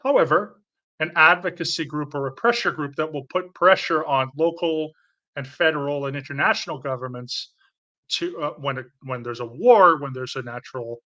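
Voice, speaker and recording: A man's voice: a little high, normal speed, pushed and bright. A man hosting a casual commentary, rambling, laughing and restarting phrases as he talks. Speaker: host.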